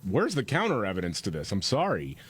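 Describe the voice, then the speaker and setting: A man's voice: lowish voice, wildly swooping pitch, quick pace, husky. A man co-hosting a news talk podcast, reading headlines and cutting in with sarcastic, mocking asides.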